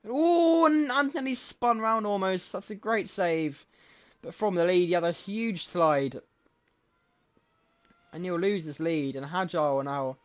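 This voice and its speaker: A man calls a race live from home late at night, excitable and quick to correct himself mid-sentence. His voice sits a little high and his throat is scratchy. The desk mic sounds slightly muffled and lo-fi. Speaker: race commentator. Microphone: desk microphone.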